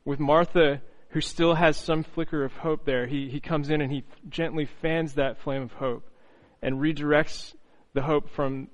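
A man preaching an earnest, reflective sermon, often pausing on "you know" and restarting phrases. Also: on the high side, steady tone, low-quality recording.

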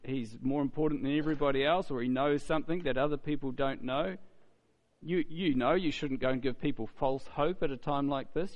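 A man's voice: mid-range voice, long reverb tail, lo-fi sound. A man preaching a conversational sermon, asking the listeners rhetorical questions and acting out the voices he quotes. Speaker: pastor.

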